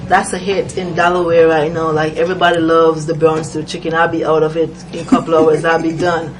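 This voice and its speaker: A woman chef with a Jamaican accent, talking in a relaxed, halting way with many fillers in a casual interview. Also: low-pitched. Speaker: chef and guest. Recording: distant mic with noisy background.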